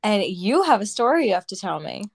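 A young woman co-hosting a podcast in casual chat, lively and swearing freely as she laughs. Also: mid-range voice, a little fast, vocal fry, dry recording, studio quality. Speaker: podcast co-host.

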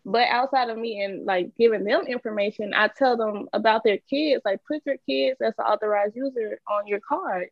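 A woman's voice: fairly high pitch, moderate pace, few pauses, dry recording, highs cut off. A woman advising on credit in casual chat, explaining steps plainly.

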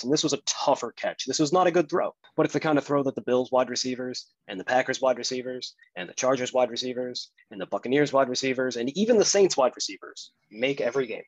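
A man's voice: medium pitch, no echo, highs cut off. A man hosting a podcast, delivering a blunt, profane, combative sports rant. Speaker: podcast host.

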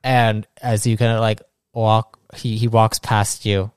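A young man narrating as game master in a casual, halting way, often restarting his sentences. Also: lowish voice, level tone, clear, resonant tone, no echo, studio quality.

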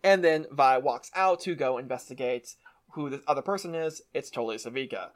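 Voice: mid-range voice, a little fast. A podcast co-host casually recapping a show, retelling scenes with enthusiasm. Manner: enthusiastic retelling with quoted voices.

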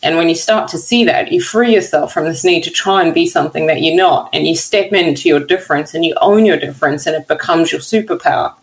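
A woman's voice: deep voice, a little fast, few pauses, rough recording. A woman researcher as an interview guest, telling her story earnestly and with feeling, with many casual fillers. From not from America. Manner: earnest, heartfelt, many "you know" fillers. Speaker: guest, workplace equality researcher.

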